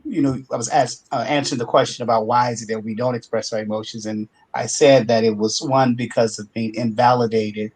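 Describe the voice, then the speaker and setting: A man's voice: mid-range voice, steady tone, fairly quick, few pauses, darkish tone, rough recording. Reflective man thinking aloud on a podcast. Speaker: podcast panelist. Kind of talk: casual discussion.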